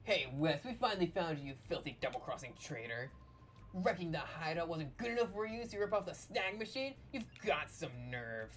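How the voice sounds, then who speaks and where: A woman's voice: low-pitched, sing-song, a little fast, a little hiss or hum. A woman voicing a hostile male gang grunt, reading the game's dialogue aloud in a sneering, threatening way.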